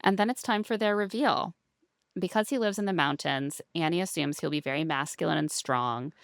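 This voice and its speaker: Sarcastic woman with a gravelly low voice. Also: moderate pace, no echo, studio quality. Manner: sarcastic, mocking quotes of cast, laughs often. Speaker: podcast co-host. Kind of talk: casual recap chat.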